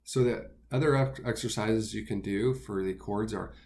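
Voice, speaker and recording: Man, lowish voice, singing teacher, relaxed step-by-step explaining, occasional fillers. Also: moderate pace. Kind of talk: instructional talk with sung demos.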